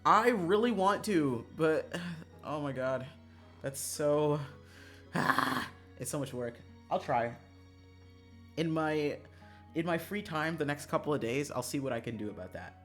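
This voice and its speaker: Game streamer, casual chat, animated, swears a lot, middling pitch, soft music in the background. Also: a little slow. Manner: animated, swings between loud ranting and quiet mumbling; swears freely, laughs often. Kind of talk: casual chat while playing a visual novel.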